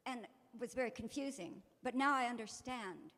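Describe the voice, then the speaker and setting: High-voiced woman in a reverberant hall. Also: moderate pace, few pauses. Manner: animated, acts out dialogue with lively voices, often laughs. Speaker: spiritual speaker. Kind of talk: storytelling talk and guided meditation. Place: event hall.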